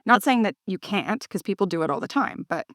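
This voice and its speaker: Speaking at a medium pitch and a brisk pace, this cleaning business owner co-hosts a business podcast in casual chat. Her manner is upbeat and coach-like, livening up during anecdotes. The recording is dry with clean studio sound.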